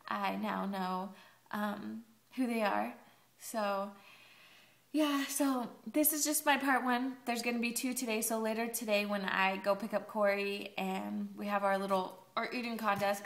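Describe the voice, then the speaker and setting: A woman's voice: medium pitch, creaky, fairly bright tone. Young woman, college vlogger, casual rambling, sarcastic, roomy echo. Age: young adult. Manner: chatty, rambling, sarcastic asides. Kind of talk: casual video diary.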